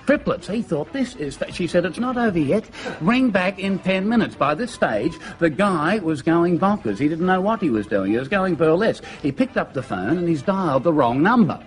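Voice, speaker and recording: An Australian man telling jokes on a TV show, lively and full of character voices. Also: fairly high pitch, moderate pace, hardly any pauses. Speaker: comedian. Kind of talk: stand-up joke telling.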